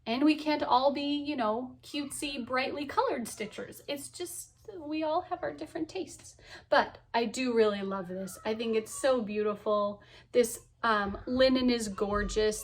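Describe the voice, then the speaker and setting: A woman in her thirties chatting casually to camera about her cross stitch, cheerful and full of ums and laughs. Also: a little high. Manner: chatty, lots of ums and so yeahs.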